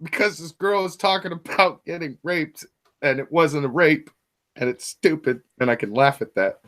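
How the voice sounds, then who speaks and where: A man's voice: fairly high pitch, normal speed, fairly bright tone, slight background noise. A man in a casual stream chat, blunt and mocking, swearing freely.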